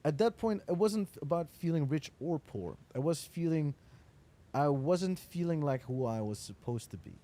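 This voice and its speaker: A man, chatting casually in an interview, telling animated stories and swearing freely. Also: a little high, normal speed. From Netherlands. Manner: animated storyteller, acts out quoted dialogue, swears casually. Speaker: interviewee, entrepreneur.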